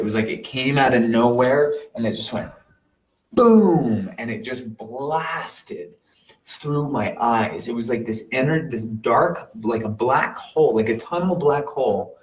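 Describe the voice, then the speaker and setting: A man telling an earnest personal story in a casual way, animated and full of sound-effect words, sometimes dropping to a soft near-whisper. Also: mid-range voice, low-quality recording. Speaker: meditation teacher.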